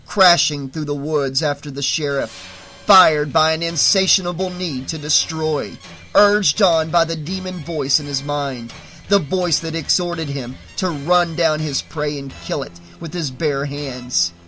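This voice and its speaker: A man narrating a horror audiobook in a bright, forceful voice that sits a little high for a man. He reads with dramatic, tense storytelling. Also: measured pace, soft background music.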